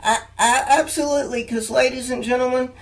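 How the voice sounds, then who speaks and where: A young man interviewing a guest, earnest and halting, with frequent fillers and restarts. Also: very high-pitched, steady tone, creaky, poor audio. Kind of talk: casual interview chat.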